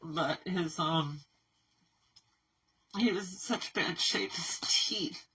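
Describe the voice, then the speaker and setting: A woman who runs an animal rescue, talking candidly in a casual vlog update, rambling and halting with fillers. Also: fairly low pitch, pushed and bright, husky. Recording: voice somewhat far from mic.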